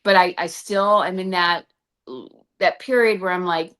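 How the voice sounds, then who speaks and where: A woman interviewer thinks aloud in a casual, hesitant way as she reflects on what her guest has said. Her voice is somewhat low for a woman. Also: fairly even intonation, a little slow, a bit bright, smooth. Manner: reflective, hesitant, with many fillers and restarts.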